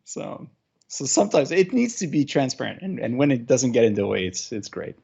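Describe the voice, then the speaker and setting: A man's voice: mid-range voice, big pitch swings, normal speed, vocal fry, a little mellow, husky, dull audio. A man with a French Canadian accent, a native French speaker, telling stories as a guest on a video call. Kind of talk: casual interview chat.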